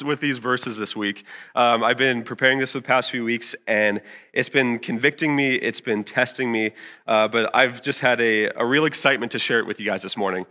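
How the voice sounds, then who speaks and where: Twenty-something guy preaching at church, chatty and honest, lots of uh and like, bright voice. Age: 20s. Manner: chatty and candid, many fillers, acts out his own lines with big pitch jumps. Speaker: youth pastor. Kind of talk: casual sermon with stories.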